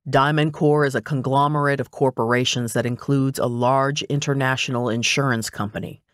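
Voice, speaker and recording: A man's voice: medium pitch, steady tone, normal speed, no room sound, lightly acted. A man voicing a dry, teasing male private investigator in a cozy mystery audiobook. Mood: wry. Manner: matter-of-fact, teasing. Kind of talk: audiobook dialogue.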